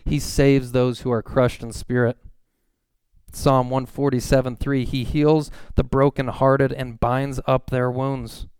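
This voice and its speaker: A man preaching a sermon in a conversational way, reading scripture verses slowly and acting out the people he quotes. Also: medium pitch, flat delivery, a little mellow, clear, resonant tone, no room sound. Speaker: pastor.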